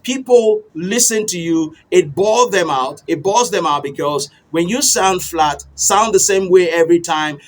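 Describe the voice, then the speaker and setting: Lively man coaching public speaking. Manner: animated, varies pitch and pace on purpose. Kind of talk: instructional talk to camera.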